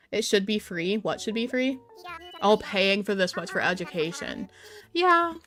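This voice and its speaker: A woman's voice: medium pitch, expressive, unhurried, a bit bright, dry recording, faint music behind. A young adult woman hosting a casual live stream, chatting while she plays and answering her viewers' messages aloud.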